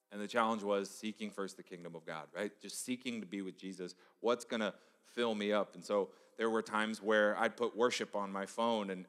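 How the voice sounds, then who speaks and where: Male pastor, middle-aged, storytelling sermon style, long hall reverb. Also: fairly low pitch. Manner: conversational, storytelling, drops to a hush for emphasis. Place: church sanctuary. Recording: echoey church hall.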